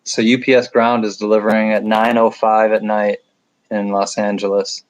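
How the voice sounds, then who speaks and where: A middle-aged man with a nasal upstate New York accent hosts a casual late-night livestream from home, reading viewer comments with rambling jokes and self-deprecating asides. His voice is fairly low and flat, at a normal pace, and the audio quality is poor.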